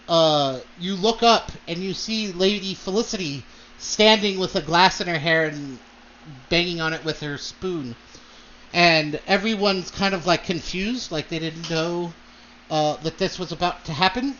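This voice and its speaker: A man's voice: sits high, bright, forceful tone, dull audio, slight background noise. A man narrating a tabletop role-play as game master, hesitant and full of fillers.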